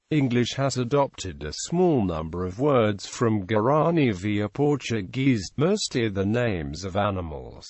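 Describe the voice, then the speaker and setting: A man's voice: on the low side, a little mellow, no echo. A computer-generated man's voice reading an encyclopedia article aloud, pronouncing punctuation marks and mangling foreign words. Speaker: narrator.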